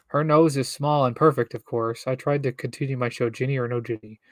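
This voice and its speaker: A man's voice: medium pitch, fairly even intonation, brisk, few pauses, no room sound. A young man casually reading a children's book aloud on a stream, breaking off for bemused jokes. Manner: reads with joking, bemused asides. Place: home streaming setup.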